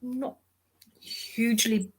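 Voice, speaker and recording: A woman with a New Zealand accent hosting a casual livestream, chatty and quick to laugh and exclaim. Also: on the high side, fairly even intonation, slightly rough. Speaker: livestream host.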